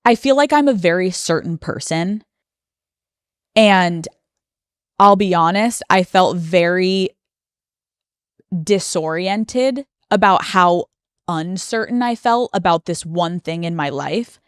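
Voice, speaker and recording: A woman in her thirties with an American accent speaks slowly in a lowish voice, candid and close to tears. The sound is dry and close, with no room around her. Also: lively intonation, clear, resonant tone, no echo. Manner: candid, emotional, many fillers. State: near tears. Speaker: podcast host. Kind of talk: personal monologue.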